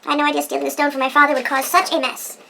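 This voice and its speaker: A woman voicing a young runaway heiress, reading the game dialogue quickly. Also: high-pitched, flat delivery, vocal fry, bright, forceful tone, slight background noise, pitched above the performer's own voice, exaggerated voice. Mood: confiding.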